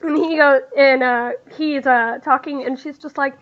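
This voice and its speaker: A woman game master narrates a tabletop game in a high, light voice. She halts often and fills gaps with ums and uhs. The audio is dull and lo-fi over a voice call. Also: steady tone. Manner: halting, full of fillers.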